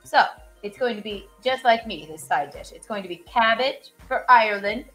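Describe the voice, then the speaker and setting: A woman's voice: on the high side, animated, moderate pace, fairly bright tone, soft background music. A woman hosting a casual cooking live stream, chatting to her viewers while she cooks and repeating goofy catchphrases. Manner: joking, rambling, repeats silly catchphrases.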